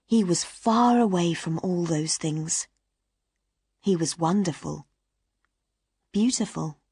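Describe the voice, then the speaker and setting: A woman reading a story aloud for English learners, slowly and carefully, with soft, hushed passages. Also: on the low side, slightly rough, no echo, clean studio sound.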